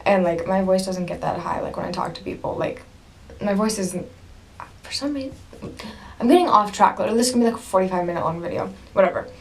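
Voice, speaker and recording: A woman's voice: mid-range voice, quick pace, vocal fry, darkish tone. A young woman vlogging casually to camera, gushing and rambling with lots of "like" and "literally".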